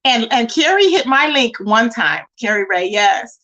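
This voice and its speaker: A woman hosting a live stream, chatting casually with viewers and mocking a rival in an animated way. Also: a little high, measured pace, lo-fi sound. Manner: animated and mocking, addressing chat as y'all. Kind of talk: casual gossip commentary.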